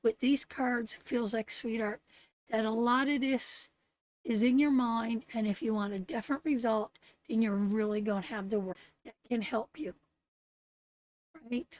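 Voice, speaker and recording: A woman's voice: on the high side, steady tone, unhurried, darkish tone, no room sound. A middle-aged woman from Canada hosting a live tarot stream, giving blunt, salty pep talks to her viewers. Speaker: tarot reader and host.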